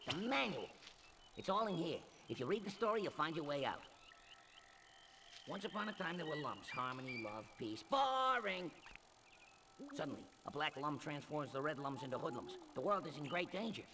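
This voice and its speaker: A man's voice: a little high, sing-song, moderate pace, noisy background. An actor voicing a sarcastic, joking frog-like male sidekick in a video game, in game audio with music underneath. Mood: teasing. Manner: sarcastic, joking, fourth-wall-breaking. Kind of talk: video game cutscene voice acting.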